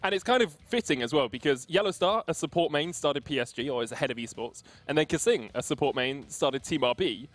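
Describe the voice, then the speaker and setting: Fast-talking esports desk host. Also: male voice, on the high side, expressive. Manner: quick, chatty, jokey, throws questions to co-hosts. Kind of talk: casual analysis chat on a live esports stream.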